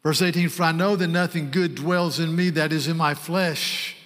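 Male pastor, fairly high voice, earnest emphatic sermon delivery, long hall reverb. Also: steady tone, fairly bright tone. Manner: earnest, emphatic preaching with slowed stresses.

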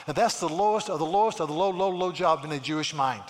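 A man preaching a sermon in a church, animated, often repeating words and acting out the people in his stories. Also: on the high side, fast talker, big-room sound, slight background noise. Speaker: pastor.

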